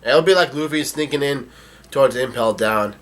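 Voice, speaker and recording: A man's voice: medium pitch, normal speed, fairly bright tone. A man casually narrating a comic read-along on a live stream, stumbling and restarting often.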